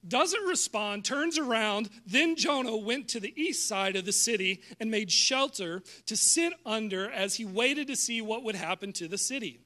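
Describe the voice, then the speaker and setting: A man preaching a sermon at a church service, animated and jokey, acting out scripture lines with laughs. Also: high voice, normal speed, hardly any pauses. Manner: animated, jokey, acts out Bible voices with laughs. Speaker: pastor.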